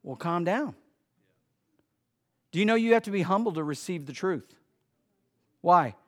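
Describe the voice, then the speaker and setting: A man preaching a sermon in church, swinging between loud emphasis and quiet asides. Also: sits high, animated, unhurried. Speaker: pastor. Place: church sanctuary.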